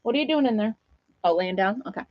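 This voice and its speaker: A woman's voice: fairly high pitch, expressive, fast, no room sound, muffled recording. A middle-aged woman with an Upstate New York accent, hosting a casual live chat, laughing often and talking to her dog and viewers. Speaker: livestream host.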